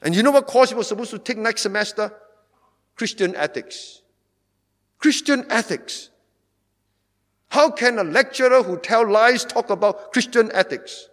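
A man preaches a fervent sermon with a somewhat high voice, hammering his points through repetition. His words ring out with a long reverb, as in a large church hall. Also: brisk, few pauses, fairly bright tone. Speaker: pastor.

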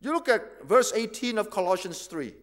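A man preaches in a high voice. He teaches step by step, asks rhetorical questions and hammers home key words. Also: lively intonation, moderate pace. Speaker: pastor. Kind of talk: sermon.

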